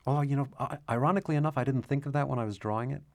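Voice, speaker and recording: A man talking as a guest author in an interview, reflective and measured, at times reading passages from his own book aloud. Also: medium pitch, vocal fry, a little mellow.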